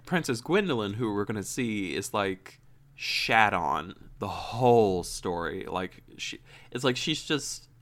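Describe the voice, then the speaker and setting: A man's voice: lowish voice, expressive, a little slow, a bit bright. A man co-hosting a casual book review podcast, dry and sarcastic, acting out lines from the characters. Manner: dry, sarcastic, quoting characters in silly voices. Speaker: podcast co-host.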